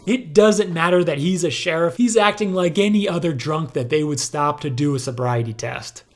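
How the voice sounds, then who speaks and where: A man narrates a body language breakdown in voice-over. He is analytical with a dry, sarcastic edge, and his voice sits fairly high for a man. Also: normal speed. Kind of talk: video voice-over commentary.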